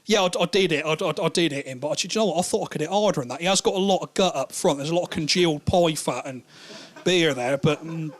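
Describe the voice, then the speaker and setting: A man's voice: fairly high pitch, dry recording, natural voice. Man doing a mumbling drunk mate on the phone. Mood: sheepish. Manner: mumbling, rambling, halting. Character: drunk sheepish young man, the troublemaking mate.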